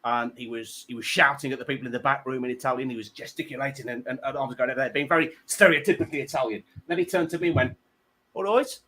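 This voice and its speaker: A man's voice: mid-range voice, steady tone, rapid-fire, hardly any pauses, pushed and bright, a little hiss or hum. A man hosting a comedy panel show, telling rambling self-deprecating stories full of stammered restarts.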